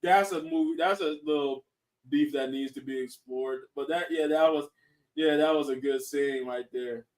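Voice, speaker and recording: A man hosting a casual online show, talking in an excited, rambling way and laughing often. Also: medium pitch, normal speed. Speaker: show host. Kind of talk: casual chat reacting to viewers.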